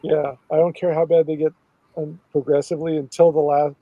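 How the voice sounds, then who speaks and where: A man chatting casually about movies, relaxed and agreeable. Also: on the high side, brisk, no room sound, dull audio.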